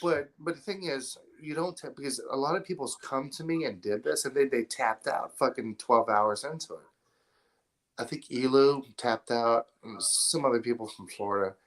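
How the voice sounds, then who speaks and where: A man's voice: mid-range voice, normal speed. A man as a podcast guest, talking bluntly and profanely in casual chat, rambling through stories. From Atlanta area, US. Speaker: podcast guest, film installer.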